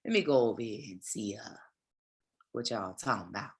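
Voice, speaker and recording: A woman's voice: a bass voice, animated, normal speed, a little hiss or hum. A woman spiritual teacher giving a livestreamed talk, with preachy asides to her viewers.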